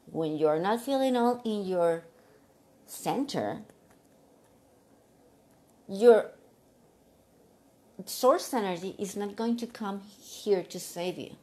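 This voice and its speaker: Earnest middle-aged woman with halting phrasing. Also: lowish voice, darkish tone. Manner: earnest, repeats herself, speaks in short halting phrases. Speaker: vlogger giving life advice. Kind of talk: casual talk to camera.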